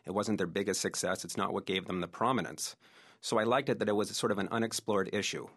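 Fast-talking deep-voiced male researcher. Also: fairly bright tone, slightly rough. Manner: eager, anecdotal storytelling. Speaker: researcher and oral historian. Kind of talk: interview guest explaining his research.

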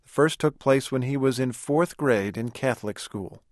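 A male radio host reading a scripted introduction in a measured, even delivery. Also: medium pitch, dry recording, studio quality. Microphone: studio mic.

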